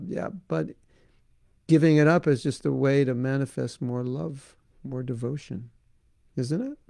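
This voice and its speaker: A man teaching and answering listeners' questions in a devotional talk, speaking in a conversational, gently coaxing way. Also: mid-range voice, measured pace, creaky, no room sound, clean studio sound. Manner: conversational, gently coaxing, frequent "you know".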